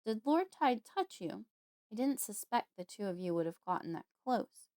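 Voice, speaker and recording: A woman reading a calm, protective uncle. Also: medium pitch, dry recording, clean studio sound, lightly acted. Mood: soothing. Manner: calm, soothing, measured. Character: gentle, protective adult uncle, calm and wise.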